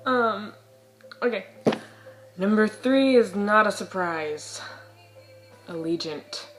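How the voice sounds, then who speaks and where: A young woman vlogging about books in casual chat, hoarse and losing her voice, rambling with dramatic outbursts and giggles. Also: mid-range voice, animated, takes it slowly. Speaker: book vlogger. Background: soft music.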